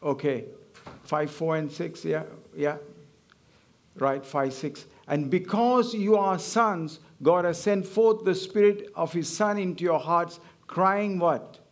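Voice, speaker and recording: A man with a high-pitched voice preaches a sermon. He talks in emphatic, repeating phrases and calls on the congregation to answer him. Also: steady tone, slow pace. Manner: emphatic, repetitive call-and-response preaching.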